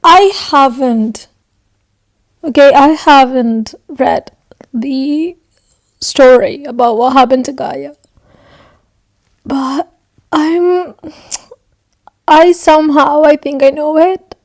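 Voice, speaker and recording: A woman's voice: sits high, steady tone, takes it slowly, pauses often, no room sound, studio quality. A young woman chatting casually in a reading vlog, rambling and emotional, swearing often and sometimes dropping to a whisper. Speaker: book vlogger.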